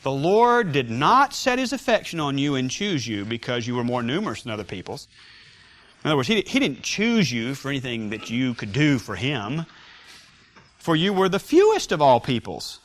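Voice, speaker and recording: Animated man teaching a Bible class. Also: mid-range voice, normal speed. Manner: animated, emphatic, joking with the class. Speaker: Sunday school teacher.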